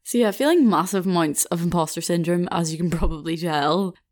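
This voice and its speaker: A woman's voice: on the low side, fairly quick, darkish tone. A young woman hosting a podcast, telling a personal story in a chatty, self-mocking way and laughing now and then. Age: young adult. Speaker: podcast host. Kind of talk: casual storytime monologue.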